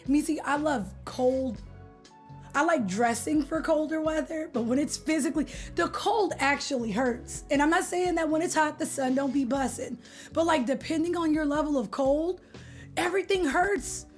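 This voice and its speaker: A young woman from California chats with her live stream viewers in a bright, high voice. She talks loosely and playfully, full of slang, and greets people by name. Soft music plays quietly in the background. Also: moderate pace. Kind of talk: casual chat with live viewers.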